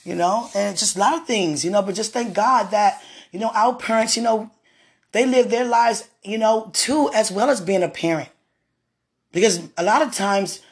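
In a slightly rough, mid-range voice, a woman hosts a podcast of casual personal storytelling. She's chatty, laughs a lot, and brings up her faith.

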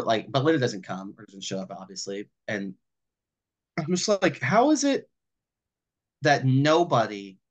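A man co-hosting a podcast who talks a film over in casual chat, swearing freely and acting out the characters' lines in quick little voices. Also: mid-range voice, a bit bright. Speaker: podcast co-host.

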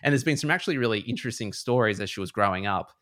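A man's voice: fairly low pitch, expressive, very fast, fairly bright tone, dry recording, clean studio sound. A man retelling a book in a casual podcast chat, rambling and full of fillers. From Australia. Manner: rambling, heavy on fillers like "like" and "you know".

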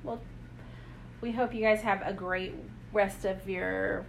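A woman's voice: medium pitch, steady tone, takes it slowly, vocal fry, a little hiss or hum, poor audio. A middle-aged woman co-hosting a podcast, chatting casually in a rambling way with many fillers. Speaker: podcast co-host.

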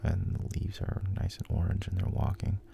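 A man with a very deep, gravelly voice tells a story in a hushed whisper. His tone is dark and mellow, and he talks in an unhurried way with pauses and restarts. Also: level tone, a little hiss or hum. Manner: soft, unhurried, with frequent ums and restarts.

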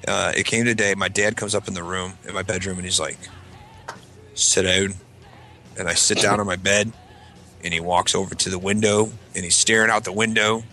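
A man's voice: low-pitched, fairly even intonation, fast talker, a little hiss or hum. Profane rambling storyteller man. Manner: rambling, profane, acts out shouted quotes. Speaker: podcast co-host telling a story. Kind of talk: casual storytelling among friends.

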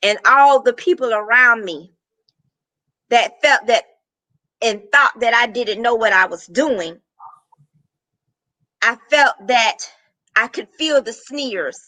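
A woman's voice: a little high, slow pace, long pauses, sharp tone, no room sound, low-quality recording. A middle-aged woman, a business coach, talking animatedly in a casual interview, laughing often and repeating words.

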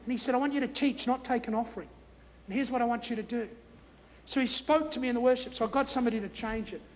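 A middle-aged man preaching a storytelling sermon, animated and acting out his own thoughts. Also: extremely high pitch, quick pace. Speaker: guest pastor. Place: church hall. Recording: live reverberant hall, faint noise.

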